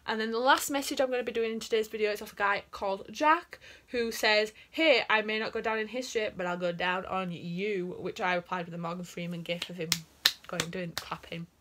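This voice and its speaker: A young woman vlogs in a casual, chatty way, reading out messages one after another. She giggles often, and her voice sits at an ordinary middle pitch. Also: a bit bright. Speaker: vlogger.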